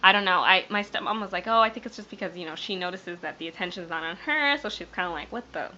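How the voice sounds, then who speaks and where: A woman's voice: lowish voice, animated, fast, bright, forceful tone, slight background noise. A young woman vlogger, tearful and rambling, telling a personal story to camera with many fillers and restarts. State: teary, near crying. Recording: dull lo-fi webcam sound.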